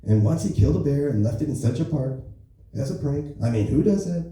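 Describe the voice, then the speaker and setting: A man's voice: on the high side, animated, a little fast, warm tone, distant mic, close to an everyday voice. A man putting on a boastful, rambling impression of an older male president during a stand-up set in a comedy club. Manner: brash, bragging, rambling. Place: comedy club open mic. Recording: echoey club recorded from afar.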